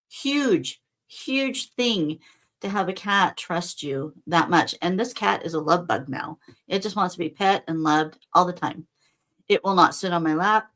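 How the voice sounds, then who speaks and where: A woman's voice: fairly low pitch, fairly bright tone. A middle-aged woman hosting a casual spiritual talk, speaking earnestly and conversationally and addressing her listeners directly. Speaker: spiritual teacher and host.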